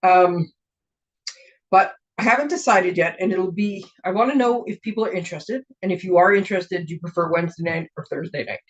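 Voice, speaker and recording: A woman's voice: on the low side, fairly quick. A woman demonstrating papercraft products in a casual show-and-tell, chatty and gushing, with rambling asides. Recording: dull lo-fi recording.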